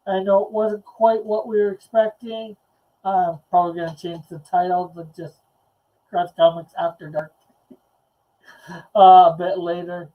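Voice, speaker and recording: A man's voice: high-pitched, highs cut off. A man hosting a late-night live stream chat, reading comments aloud in a laid-back, chuckling way. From Canada. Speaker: host.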